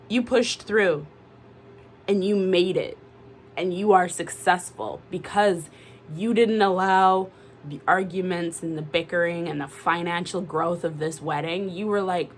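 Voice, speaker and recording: A woman doing a casual tarot reading to camera, animated and exclamatory, swearing freely. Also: on the low side, unhurried, a little hiss or hum. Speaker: tarot reader.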